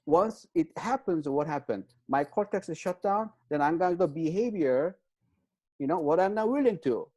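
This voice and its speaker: Mellow-voiced man explaining with halting fillers. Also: a little high, expressive. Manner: hesitant, many fillers, checks in with "right?"; non-native English phrasing. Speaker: guest expert on trauma. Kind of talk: explanatory interview talk.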